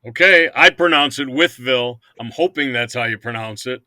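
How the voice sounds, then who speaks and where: A man's voice: mid-range voice, a little fast, bright, forceful tone, no echo. An older man who owns hockey teams, talking casually in an interview, rambling and often repeating words. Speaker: hockey team owner.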